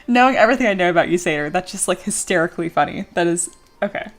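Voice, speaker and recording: A woman streamer chatting casually during a livestream and reading viewer comments aloud, animated and full of filler words, often giggling. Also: lowish voice, racing. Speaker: streamer and miniature sculptor.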